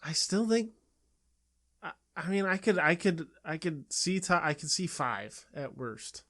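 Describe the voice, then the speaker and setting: A man's voice: on the high side, measured pace, pushed and bright. A man co-hosting a podcast, answering casually in short, agreeable replies. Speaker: podcast co-host. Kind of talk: casual chat.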